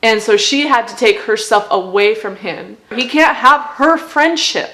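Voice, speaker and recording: A woman's voice: a little high, lively intonation, measured pace, fairly bright tone. A woman vlogger in casual chat, gushing with fan enthusiasm as she breaks down song lyrics.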